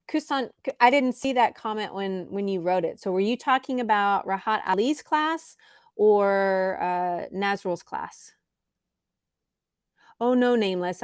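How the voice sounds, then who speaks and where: A woman's voice: mid-range voice, clear, resonant tone, no room sound. A woman teaching English on a live stream, patiently answering viewers' chat comments. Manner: slow, patient, reads chat comments aloud.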